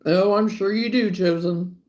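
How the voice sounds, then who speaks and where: A woman's voice: on the low side, measured pace, a little mellow, highs cut off. A woman with an Arkansas accent hosting a casual livestream, chatting and laughing as she answers viewers by name. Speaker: livestream host.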